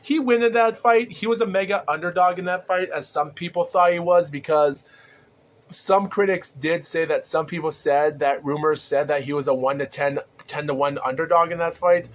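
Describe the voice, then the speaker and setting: A man hosting a rambling solo podcast, talking excitably with lots of fillers and restarts, his throat sore and groggy and his breath short. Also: a little high, moderate pace. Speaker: podcast host. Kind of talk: solo casual podcast commentary.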